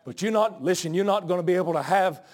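A male pastor preaching a sermon, out of breath, swinging from folksy asides to shouted peaks. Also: high voice, quick pace. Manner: folksy, joking asides to the congregation.

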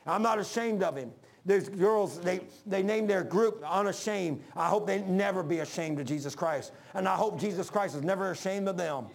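A man preaching a sermon, emphatic, calling out to the congregation and dropping to hushed lines between loud peaks. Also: sits high, gravelly. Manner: calls for congregation responses.

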